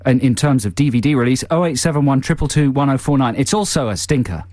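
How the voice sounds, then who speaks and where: A man's voice: mid-range voice, animated, fast talker, a little mellow, dry recording, clean studio sound. Teasing radio host man. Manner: teasing, mock-bossy. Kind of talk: comic radio banter. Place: radio studio.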